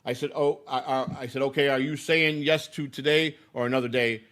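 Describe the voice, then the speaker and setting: Male podcast host with a rambling, repetitive way of telling stories, at a middle pitch. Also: steady tone, brisk, a bit bright. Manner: rambling, repeats himself. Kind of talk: casual storytelling.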